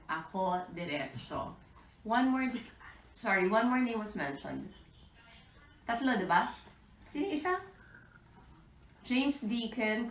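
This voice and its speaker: Filipino woman going off on a phone live, bright sharp voice, roomy echo, a bit off mic. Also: mid-range voice, far from the mic, slight background noise. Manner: code-switching, direct and confrontational. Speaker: social media livestreamer. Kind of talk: live social media talk.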